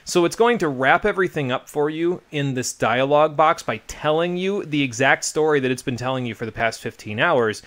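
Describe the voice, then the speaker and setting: An American man streaming a game live, talking casually with sarcastic, profane, rambling asides. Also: a little high. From United States. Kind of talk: live let's play commentary.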